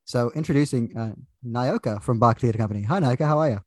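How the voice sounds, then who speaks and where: A man's voice: medium pitch, fast talker, a little mellow, no room sound, clean studio sound. A man hosting a podcast, joking and stumbling over restarts in casual chat. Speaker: podcast host.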